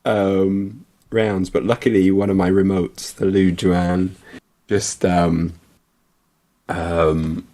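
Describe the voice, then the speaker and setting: A man co-hosting a casual livestream chat, talking in a relaxed, chatty way with fillers. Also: deep voice, slow pace. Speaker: co-host.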